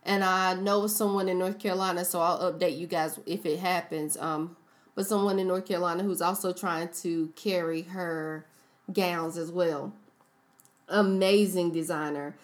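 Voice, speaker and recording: A woman co-hosting a relaxed podcast. She chats casually, running through recommendations with a friendly, rambling flow and frequent "um"s. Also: on the low side, moderate pace. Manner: chatty, recommends businesses with frequent fillers. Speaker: podcast co-host. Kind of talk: casual chat.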